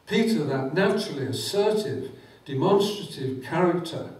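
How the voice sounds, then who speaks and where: A man preaches a fervent sermon, quoting scripture with rising emphasis, in an echoey church hall picked up by a distant mic. His voice is fairly high and animated with a darkish tone, at normal speed.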